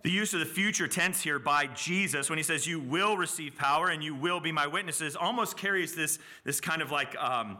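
A man preaching an expository sermon, lively and conversational, who acts out the quoted lines and now and then trips over a word. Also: on the high side, moderate pace, few pauses. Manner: animated, acts out quotes, small stumbles and laughs.

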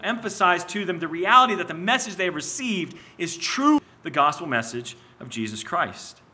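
A man preaching an expository sermon, teaching in a measured way, slowing on key phrases and sometimes restarting his words. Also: high voice, sharp tone. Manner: restarts and repeats words as he goes.

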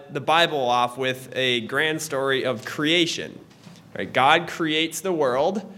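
A man's voice: a little high, a bit bright. Man teaching a Sunday school class. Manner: conversational, with pauses and restarts. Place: church classroom.

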